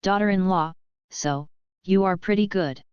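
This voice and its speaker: A woman's voice: on the low side, measured pace, darkish tone, clear, resonant tone, no room sound, natural voice. A woman voicing a simple-minded young man who speaks weakly and hesitantly, on a dull lo-fi recording. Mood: meek. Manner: weak, hesitant. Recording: dull lo-fi dry audio.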